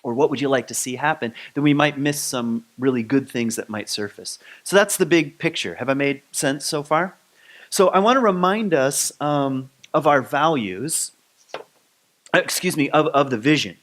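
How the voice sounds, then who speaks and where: Relaxed rambling man giving a talk. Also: mid-range voice, moderate pace. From Grand Rapids, Michigan. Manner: relaxed and rambling, many ums and restarts. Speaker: speaker at a spiritual community. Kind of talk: conversational sermon.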